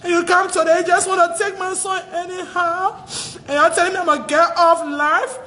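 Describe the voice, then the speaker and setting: High, piercing crying Liberian woman. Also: flat delivery, a little fast, pushed and bright, long reverb tail. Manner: pleading, insistent, repetitive. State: crying, distressed. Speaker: livestreamer. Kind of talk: emotional livestream plea. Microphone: phone.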